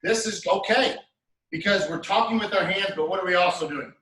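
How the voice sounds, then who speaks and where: Guy teaching jiu-jitsu, walks you through each move, kinda high bright voice. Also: fairly quick. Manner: steady coaching cues, talks through moves step by step. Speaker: martial arts instructor. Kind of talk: class instruction. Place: training studio. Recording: echoey room, mic at a distance.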